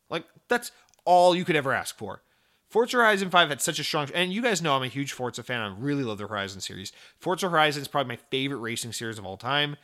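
Young male gaming commentator, casual profane rant, bright edgy tone. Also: medium pitch, quick pace. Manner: animated, profane, rambling with fillers.

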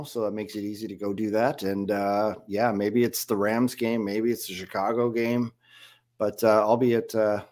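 A man being interviewed as a fan club president, easygoing and relaxed. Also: fairly low pitch. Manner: relaxed, easygoing, many fillers. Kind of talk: casual interview chat.

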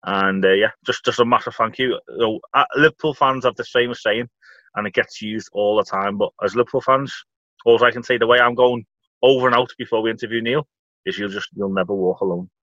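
A man's voice: lowish voice, a little fast, fairly bright tone, no room sound, dull audio. An Irish man co-hosting a podcast, chatting in a rambling way with dry jokes. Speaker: podcast co-host. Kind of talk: casual football chat.

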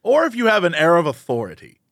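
A man with a high, lively voice that jumps around as he tells a story. He chats casually on a podcast and acts out the people he quotes. The sound is close and dry, with no room around it. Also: fast, gravelly, no room sound. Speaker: podcast co-host. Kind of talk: casual chat.

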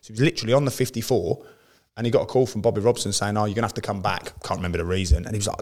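Brief: British ex-footballer, podcast co-host, low voice, quick anecdotes. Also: male voice. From Britain. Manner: animated storyteller who acts out teammates' lines. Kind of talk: casual chat, anecdotes.

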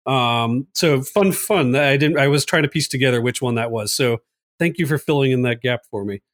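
A man recapping a movie in casual podcast chat, animated, laughing often and full of fillers. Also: medium pitch, moderate pace. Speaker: podcast co-host.

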